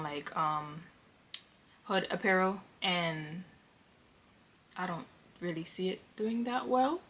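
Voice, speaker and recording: A young woman from Connecticut, chatting casually as she answers viewer questions for her vlog, relaxed and filled with ums. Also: fairly low pitch, slight background noise. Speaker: vlogger. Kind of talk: casual Q&A chat.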